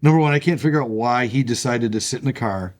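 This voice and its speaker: Speaking quickly in a mid-range voice, a man co-hosts a casual podcast conversation. He's chatty and full of fillers, and he laughs a lot.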